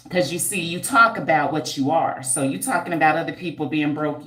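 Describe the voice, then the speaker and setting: She sits low in pitch and talks a little fast with few pauses, her roomy-sounding stream full of squeals and laughs. The livestream host, a hair care entrepreneur, reads viewer comments in a blunt, slangy, teasing, animated, and preachy manner.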